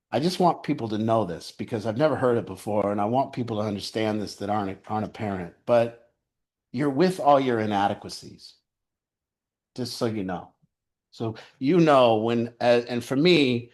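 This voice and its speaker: Rambling man telling a story. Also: medium pitch. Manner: rambling, with frequent restarts and laughs. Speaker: storyteller sharing a personal account. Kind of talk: casual spoken storytelling.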